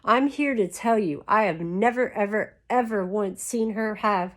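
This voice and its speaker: A woman's voice: mid-range voice, measured pace. A woman chatting to camera in a rambling, casual way full of "like" fillers, talking while lying down. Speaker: YouTube creator.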